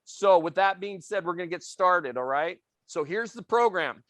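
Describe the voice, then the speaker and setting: A man's voice: high voice, animated, normal speed, fairly bright tone, no room sound. A man leading a real estate training class, intense and passionate, firing questions at the room and acting out customers. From Italian family background. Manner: acts out quoted customers in little voices.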